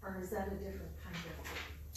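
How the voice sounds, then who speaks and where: A woman's voice: lowish voice, level tone, moderate pace. A woman in a class audience asks her question in an earnest, searching way. She is heard from far off in a very echoey room, with light background hiss. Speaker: audience member asking questions. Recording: echoey room, distant mic, faint noise.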